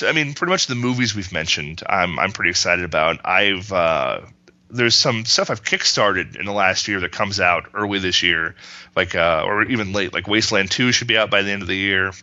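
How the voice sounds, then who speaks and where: Man, podcast guest, casual chat, low voice, bright tone, rambling, laughs a lot, dull dry recording. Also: animated, moderate pace, no echo. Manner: laughs often, rambling with restarts.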